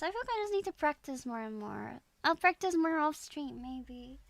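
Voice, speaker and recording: A woman streamer and native Dutch speaker, chatting casually and playfully while she repeats practice phrases out loud. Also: high voice, animated, moderate pace, vocal fry, slight background noise. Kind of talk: casual live-stream chat.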